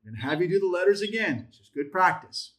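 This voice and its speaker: A man's voice: high-pitched, lively intonation, quick pace, a bit bright. Methodical man teaching a Bible class. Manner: methodical, repeats and lists terms, asks rhetorical questions.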